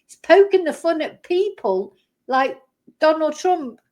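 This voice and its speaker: A woman's voice: high-pitched, lively intonation, unhurried, a little mellow. Indignant, chatty woman. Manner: blunt, indignant, chatty with restarts. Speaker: commentary vlogger. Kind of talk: casual reaction commentary.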